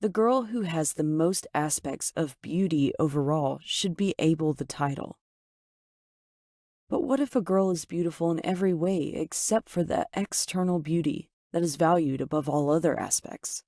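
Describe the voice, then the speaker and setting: A woman narrating a first-person story with dramatic, expressive delivery. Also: low-pitched, moderate pace, dry recording, clean studio sound.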